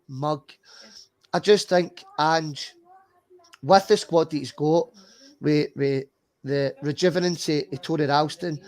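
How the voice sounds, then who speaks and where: A Scottish man hosting a football podcast, talking bluntly and emphatically, with plenty of swearing and repeated words. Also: fairly high pitch. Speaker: podcast host. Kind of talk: casual football chat.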